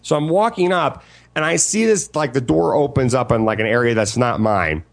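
A man co-hosting a casual chat, retelling an encounter in an animated, profane way. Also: medium pitch, moderate pace, vocal fry.

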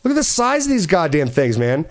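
Guy on a podcast rambling through a story, cussing and laughing, voice a bit high. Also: sing-song, a little fast. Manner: rambling storyteller, swears a lot, laughs often. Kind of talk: casual chat.

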